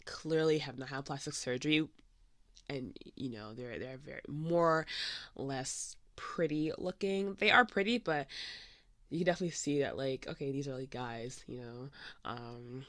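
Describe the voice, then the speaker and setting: A woman with a very deep, slightly bright voice hosts a podcast at normal speed, chatting casually and meanderingly while she draws, full of "um" and "like." There is no room sound.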